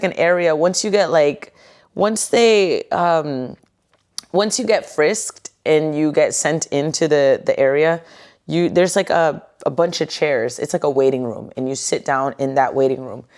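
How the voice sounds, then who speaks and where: A woman's voice: deep voice, darkish tone. A woman hosting her own podcast, telling a personal story in a goofy, joking, candid way with some casual swearing, recorded at home on her couch. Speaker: podcast host.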